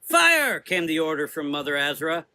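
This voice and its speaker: A man narrating a gothic horror audio drama in a steady, vivid storytelling manner. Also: medium pitch, moderate pace, slight background noise, low-quality recording.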